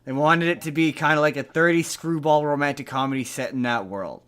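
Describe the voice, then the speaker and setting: A man's voice: a little high, fairly quick, a bit bright, smooth. A man co-hosting a podcast in casual chat, rambling, restarting sentences and reading bits of articles aloud. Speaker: podcast co-host.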